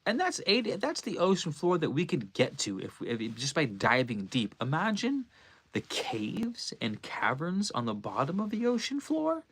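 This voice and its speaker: A man's voice: a little high, huge pitch swings, moderate pace, a bit bright, husky. A man hosting a casual livestream, musing aloud in a loose, slangy way. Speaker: livestream host.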